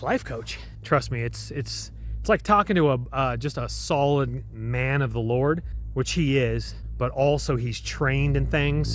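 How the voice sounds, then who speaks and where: A man's voice: a little high, slight background noise. A man from Colorado talking casually and enthusiastically to his camera while out on a ski mountain, rambling between observations. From Colorado, USA. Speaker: vlogger. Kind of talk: casual vlog narration. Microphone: handheld phone and action camera.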